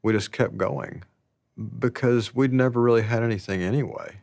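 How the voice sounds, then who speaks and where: A man telling stories about his past in a slow, rambling, casual way, laughing often. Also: mid-range voice, creaky, a little mellow, no echo. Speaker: interviewee. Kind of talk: casual storytelling.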